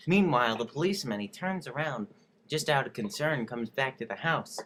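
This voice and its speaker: A man's voice: mid-range voice, animated, brisk, a bit bright, a little hiss or hum. A man giving a comic dramatic reading of song lyrics, laughing often and acting out the lines of the characters.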